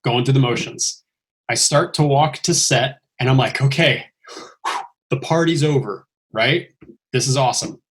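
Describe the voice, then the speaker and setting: A man's voice: medium pitch, moderate pace. A man casually telling a long story on a podcast, acting out the lines he quotes. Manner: animated, acts out quoted lines with a raised voice. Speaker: stuntman telling his story.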